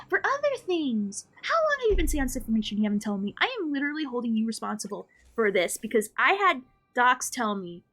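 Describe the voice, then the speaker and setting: A woman live streaming a game, chatting casually with her viewers in an animated, playfully ranting and mock-scolding way. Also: high voice. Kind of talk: casual gaming stream chat.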